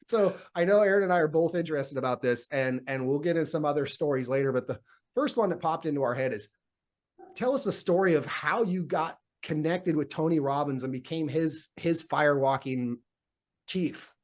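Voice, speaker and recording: A man's voice: fairly high pitch, normal speed. A man hosting an interview show, introducing his guest and asking questions, with short affirming replies. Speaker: podcast host.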